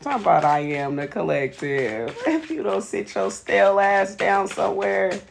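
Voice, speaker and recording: A woman's voice: mid-range voice, moderate pace, gravelly, a little hiss or hum. A woman giving a live tarot reading, blunt and profane, greeting viewers by name. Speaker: tarot reader.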